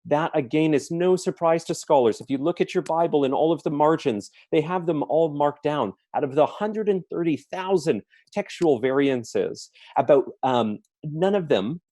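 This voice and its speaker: A man's voice: a little high, expressive, normal speed, few pauses, mellow, dry recording. A man giving an earnest apologetics talk at a church forum, listing his points one by one with emphasis. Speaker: apologetics speaker. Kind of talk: forum talk answering questions.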